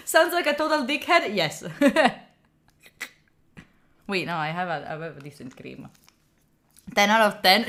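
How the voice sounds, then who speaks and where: A woman's voice: medium pitch, unhurried, long pauses. Chatty Italian-accented woman streamer. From Italy. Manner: chatty and animated, laughs often, reads chat aloud. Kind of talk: casual livestream chat with viewers.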